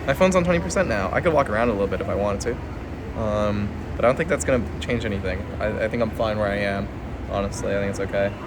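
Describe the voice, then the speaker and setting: This young man's voice runs on the low side and he talks fast. He's livestreaming on his phone from the floor of an airport terminal, a streamer rambling in a self-mocking half-whisper during casual chat, airport noise audible throughout.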